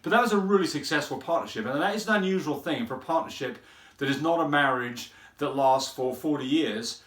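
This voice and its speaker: A French Bulldog breeder talks casually to the camera, explaining things in a loose, rambling style and often repeating words while he thinks. His voice is fairly high and fairly bright, and he speaks a little fast. The room gives off a roomy echo.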